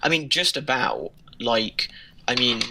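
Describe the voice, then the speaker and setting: A man's voice: medium pitch, very animated, measured pace, heavy background noise. A young man co-hosting a podcast remotely, chatting casually and hesitantly, often trailing off. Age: young adult. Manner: laid-back, hesitant, trails off. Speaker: podcast co-host. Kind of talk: casual chat. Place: remote call from abroad.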